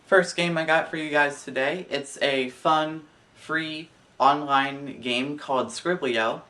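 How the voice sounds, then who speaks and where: A man's voice: on the high side, slow, pushed and bright, recorded from a distance. Upbeat young man hosting a student vlog. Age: young adult. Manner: upbeat, chatty address to viewers. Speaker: student video host. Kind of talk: casual vlog. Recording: mic some way off, faint ambient noise.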